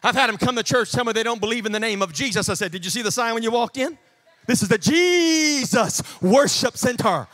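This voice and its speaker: A man preaching a sermon as pastor in a church, dropping to quiet asides and rising to shouts. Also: racing, few pauses. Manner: swings from low murmurs to shouted preaching.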